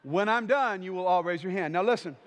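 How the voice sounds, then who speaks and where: A man preaching a sermon as pastor, emphatic and lively, acting out little bits of everyday small talk. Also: high voice, brisk, in a large hall.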